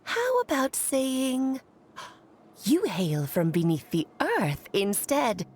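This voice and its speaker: Sly, theatrical mage woman for a game, high and bouncy. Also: sing-song, slow pace, a little mellow, exaggerated voice. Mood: teasing. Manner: teasing, theatrical.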